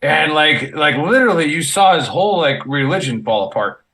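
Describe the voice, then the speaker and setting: A man's voice: on the high side, animated, normal speed, fairly bright tone. A man, an army veteran, telling war stories in a casual, rambling way, swearing often and restarting sentences with lots of fillers. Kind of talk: casual podcast storytelling.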